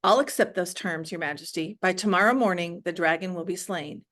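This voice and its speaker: A woman's voice: on the low side, fairly quick, a bit bright, close to an everyday voice. A woman reading aloud, voicing a clever young cobbler's son who talks politely and eagerly.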